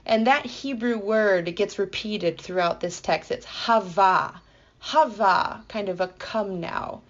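A woman explaining a Bible passage in a playful, enthusiastic way, building excitement as she goes. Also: medium pitch, unhurried, dull audio. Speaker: Bible teacher. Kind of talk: explanatory podcast talk.

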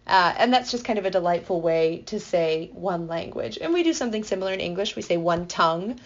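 A woman's voice: fairly low pitch, lively intonation, brisk, highs cut off. Enthusiastic woman teaching scripture. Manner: playful and enthusiastic, with vivid asides. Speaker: Bible teacher.

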